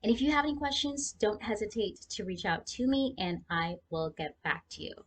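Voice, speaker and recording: A woman voicing a bubbly young female customer service rep on a phone call, in a Valley girl accent, high and overly sweet. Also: animated, normal speed, lightly acted. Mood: cheery.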